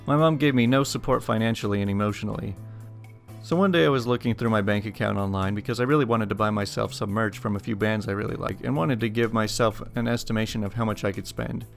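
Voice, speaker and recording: Man reading stories, casual, amused, gravelly voice, faint music behind. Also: fairly low pitch. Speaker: host reading online stories. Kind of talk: reading stories aloud with commentary.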